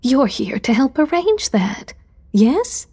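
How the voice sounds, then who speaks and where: A woman whispering as a breathy vengeful sylph mother. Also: high-pitched, sing-song, takes it slowly, dark tone, pitched above the performer's own voice, exaggerated voice. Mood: gleeful spite. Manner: sing-song, doting yet spiteful. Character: vengeful airy sylph mother, female, ageless.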